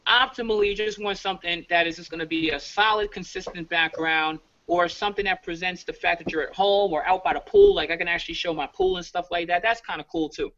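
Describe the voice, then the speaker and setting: A bright, high-voiced man from New York coaches his team over a dull, lo-fi video call. He talks fast and emphatically and keeps checking in with "all right?". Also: expressive. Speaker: leadership coach.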